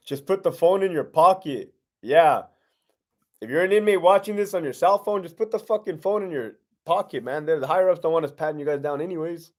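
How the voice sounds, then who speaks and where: A middle-aged man with a fairly high voice hosts a loose live-stream Q&A, reading out viewers' questions one after another. He answers bluntly, swears freely and slips into streetwise slang, the way a former prison lieutenant talks off the clock. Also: fairly quick.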